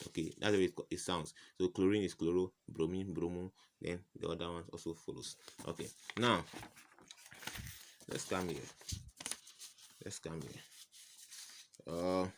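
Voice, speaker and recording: Very deep-voiced man teaching chemistry. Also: flat delivery, moderate pace, a little hiss or hum. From West Africa. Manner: asks rhetorical "what?" questions and repeats answers. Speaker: chemistry tutor. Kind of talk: informal whiteboard lesson.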